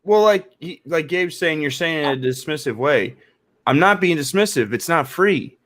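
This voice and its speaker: A man's voice: fairly high pitch, animated, normal speed, fairly bright tone. A man in a casual podcast debate, insistent, repeating words and saying "like" often. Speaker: podcast panelist.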